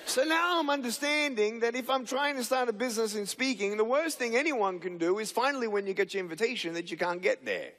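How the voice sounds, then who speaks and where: A man's voice: very high-pitched, a little fast, hardly any pauses, fairly bright tone. A man giving a motivational talk on stage, telling a story animatedly and acting out the dialogue. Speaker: motivational speaker. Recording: reverberant hall.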